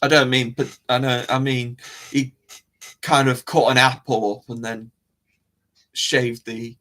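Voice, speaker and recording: Slow, rambling man streaming. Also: medium pitch, flat delivery, bright, forceful tone. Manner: rambling, trailing off and restarting. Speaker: livestream host. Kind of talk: casual live-stream chat.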